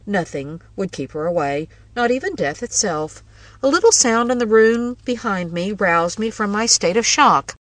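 A woman narrating a first-person ghost story in a measured, wry way. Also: medium pitch, dry recording, distant mic, poor audio.

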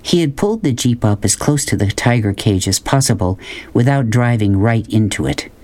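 Reading a novel aloud, this male audiobook narrator uses a mid-range voice. He keeps his storytelling measured yet expressive.

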